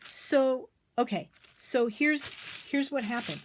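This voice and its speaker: A woman's voice: high voice, slow, breathy edge. Indignant woman ranting to camera. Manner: animated, indignant, emphatic repetitions. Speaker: craft vlogger. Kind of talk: casual ranting story to camera.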